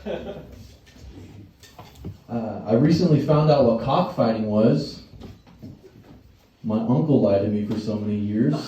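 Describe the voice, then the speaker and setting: A man's voice: mid-range voice, big pitch swings, drawn-out words, long pauses, darkish tone. A male stand-up comedian doing a crude, rambling set and laughing at his own jokes. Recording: echoey room, distant mic, faint noise.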